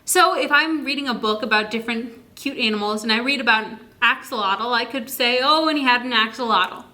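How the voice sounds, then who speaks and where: A woman explains reading tips to parents in a bright, clear voice that sits a little high. She speaks in a friendly, encouraging teacher's manner and sometimes draws words out very slowly so each sound can be heard. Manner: slow, stretched-out words to demonstrate sounds. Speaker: early literacy educator. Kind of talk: instructional video talk to parents.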